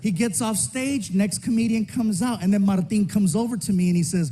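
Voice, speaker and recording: A male stand-up comedian telling a story on stage in an animated way, breaking into shouts and character voices. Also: high voice, a little fast, hardly any pauses. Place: comedy stage before a live audience. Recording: stand-up recording with audience noise.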